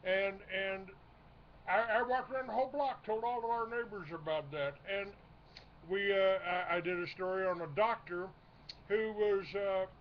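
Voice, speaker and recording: A man's voice: high voice, normal speed, slight background noise. A man hosting a radio talk show, talking casually with many fillers and restarts. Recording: muffled lo-fi radio recording.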